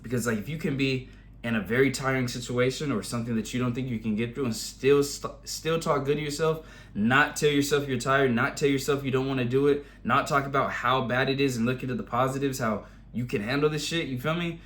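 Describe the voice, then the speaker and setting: A man's voice: medium pitch, fairly quick, a bit bright. Blunt, profane young man giving pep talk. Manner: blunt, heavily profane, emphatic street slang; rising, intense when making a point. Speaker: vlogger giving motivational advice. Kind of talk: casual motivational monologue.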